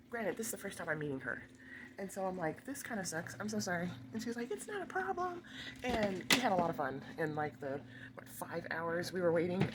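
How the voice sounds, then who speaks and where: A woman vlogger telling a long, rambling story in a casual, chatty way, with quick asides and laughter. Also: on the low side, noisy background.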